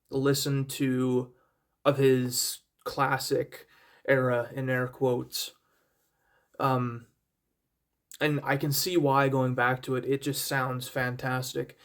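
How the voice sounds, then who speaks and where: Slow, rambling man with raised pitch. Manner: rambling, self-deprecating, many fillers and restarts; enthusiastic, repeats praise words. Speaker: album reviewer. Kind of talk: casual spoken review.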